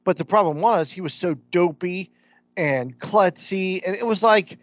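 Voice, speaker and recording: The dull lo-fi podcast audio carries a man's high, unhurried voice in a dry recording. He co-hosts with a Midwestern American accent, chatting casually, bluntly, and opinionatedly, with slang like "ain't."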